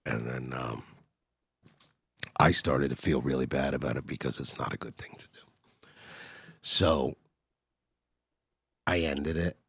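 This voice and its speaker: A middle-aged comedian from Canada telling crude, blunt stories in casual talk, often dropping to a low, hushed voice. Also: male voice, slow, vocal fry, pauses often, husky, dry recording, clean studio sound. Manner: crude, blunt storyteller who drops to a low, hushed voice for confessions. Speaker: comedian guest. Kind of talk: casual podcast storytelling.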